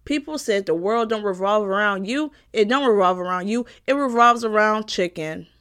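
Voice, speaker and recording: A woman's voice: mid-range voice, moderate pace, a bit bright, clean tone. A young woman giving an emphatic, satirical personal monologue, repeating lines for punch and swearing freely. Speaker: comedic commentator.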